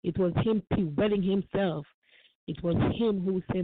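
A woman's voice: mid-range voice, normal speed. A woman speaks earnestly on a call-in show, repeating her phrases for emphasis. Her voice comes through a thin, phone-like line. The sound is dry, with no room echo. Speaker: guest on a call-in talk show. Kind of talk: emotional personal testimony.

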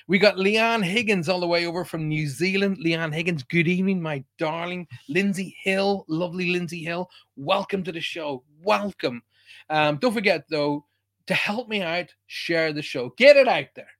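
A man's voice: a little high, a bit bright. An Irish man hosting a live online show, chatting casually and greeting viewers by name. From Ireland. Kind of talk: casual live-stream chat.

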